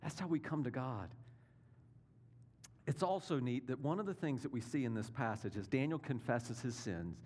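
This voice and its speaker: A man's voice: medium pitch, expressive, moderate pace, darkish tone, slightly rough. Conversational male pastor preaching. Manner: conversational, checks in with listeners with rhetorical questions. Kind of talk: sermon.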